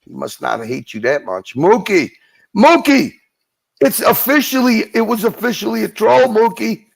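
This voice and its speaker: A man's voice: sits high, big pitch swings, moderate pace, creaky. A man co-hosting a livestream, rambling and swearing as he banters and laughs. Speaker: livestream co-host.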